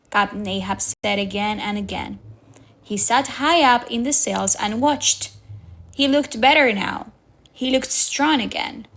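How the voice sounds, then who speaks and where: A woman reading a storybook aloud for young learners, slow, clear and careful. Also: fairly high pitch, a bit bright. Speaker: reader.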